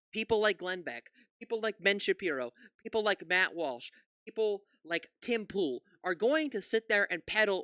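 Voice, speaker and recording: A man talks back to a news clip in a crisp, bright voice, cursing and incredulous. The sound is close and dry, with no room around it. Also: high-pitched, dry recording. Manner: ranting, profane, incredulous outbursts. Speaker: political commentary YouTuber. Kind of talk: reaction commentary.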